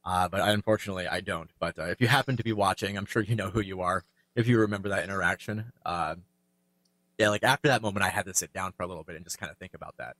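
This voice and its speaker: Low-voiced man, halting and emotional. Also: a bit bright, dry recording. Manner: halting, emotional, many fillers and restarts. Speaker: longtime YouTuber. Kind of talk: reflective personal talk.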